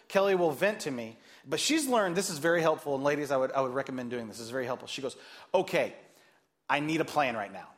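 A man preaching a sermon as pastor, animated and joking, acting out the voices he quotes. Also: mid-range voice.

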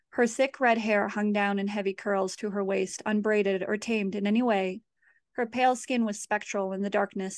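An author reads her own horror story aloud, measured and steady, in a middling-pitched voice. The recording is dry and close, with no room sound.

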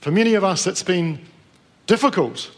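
A man's voice: high voice, lively intonation, normal speed. A middle-aged man from New Zealand preaching to a live congregation, telling a personal story in a conversational way and asking the room questions.

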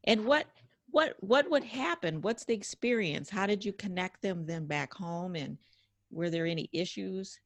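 A woman's voice: medium pitch, expressive, unhurried, no echo. A woman interviewing a guest, asking short prompting questions and listening attentively. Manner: attentive, prompting, frequent mm-hmms.

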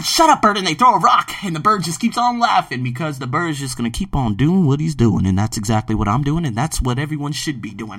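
A man hosting his own podcast, fairly high-pitched with a bright, pointed edge. He talks emphatically, leaping between loud bursts and quiet asides. The sound is dry and a little distant from the mic. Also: no room sound. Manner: animated, emphatic, swings from loud outbursts to low murmurs. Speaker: podcast host. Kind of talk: podcast book review monologue. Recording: dry, set back from the mic.

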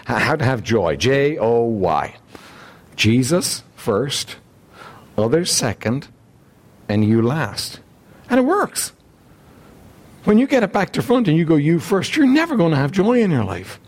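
A man preaching a sermon, emphatic and repetitive, often clearing his throat and asking rhetorical questions. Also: mid-range voice, a little mellow. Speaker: pastor.

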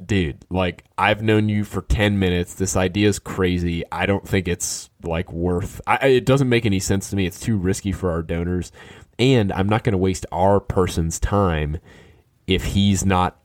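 A man casually telling an anecdote, animated and skeptical, quickly quoting the other people in it. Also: low voice, no echo, clean studio sound. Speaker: storyteller. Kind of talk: casual storytelling.

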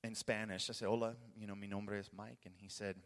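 A man from the United States giving an excitable, rambling sermon testimony in a church, laughing often and getting passionate. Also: fairly low pitch, fast talker. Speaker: guest preacher giving a testimony. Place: church sanctuary. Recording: long echoey hall reverb.

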